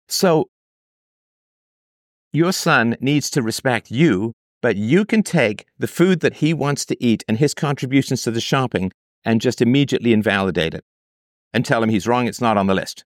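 A man with a medium-pitched voice, talking at normal speed, reads a parent's letter on his commentary show and argues back. He uses rhetorical questions and mocks the voices he quotes, and the studio recording has no echo.

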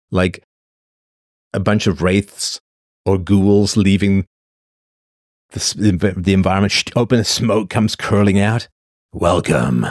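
A man's voice: lowish voice, no echo, clean studio sound. A man from England telling a rambling comic story, sardonic and full of exaggeration.

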